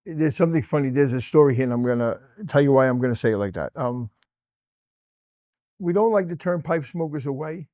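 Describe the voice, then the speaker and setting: A man's voice: mid-range voice, lively intonation, a little fast, dark tone, no echo, clean studio sound. A middle-aged man, a cigar lounge manager, telling stories in a casual interview and acting out quoted dialogue.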